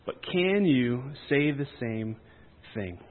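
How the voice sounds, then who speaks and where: A man's voice: mid-range voice, expressive, slow pace, noisy background. Man preacher, conversational sermon with playful asides, thin phone-like sound in a big reverberant hall. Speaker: camp preacher.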